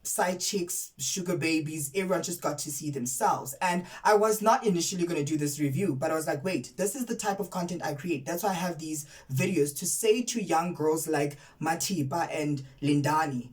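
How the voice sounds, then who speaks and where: A woman's voice: low-pitched, moderate pace, few pauses, far from the mic, poor audio. A woman from South Africa giving a casual, emphatic spoken review of a TV series, often repeating words for effect. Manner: outraged and candid. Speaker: TV series reviewer, content creator.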